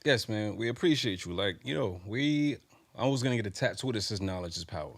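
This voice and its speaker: A man co-hosting a casual podcast, speaking in a halting, agreeable way with many fillers. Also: fairly low pitch, lively intonation. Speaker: podcast co-host.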